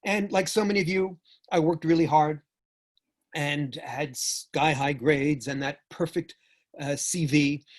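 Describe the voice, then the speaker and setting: Husky older man from New York, animated storyteller. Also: a little high. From United States. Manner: animated storyteller, jokey, swings between loud and soft. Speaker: speaker. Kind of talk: lecture talk.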